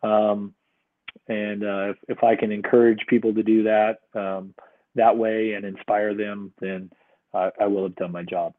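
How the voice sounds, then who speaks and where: A middle-aged man, a podcast guest, talking in a relaxed, rambling way with many fillers. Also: fairly low pitch, measured pace. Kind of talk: casual conversation. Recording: tinny phone-like line.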